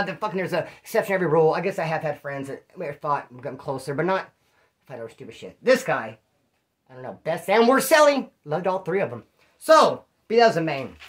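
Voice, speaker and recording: A man's voice: high voice, fairly bright tone. A man from California, a former prisoner, telling stories in casual slang and cursing, acting out what people said as he answers viewer questions. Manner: slangy and profane, acts out quoted speech.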